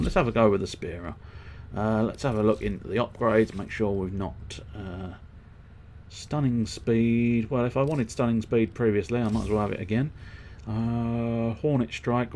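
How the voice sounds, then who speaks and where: A man's voice: lowish voice, a little fast, a little mellow, a little hiss or hum. A man streaming a video game who rambles and swears as he thinks aloud while customizing his gear. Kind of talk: casual let's-play commentary.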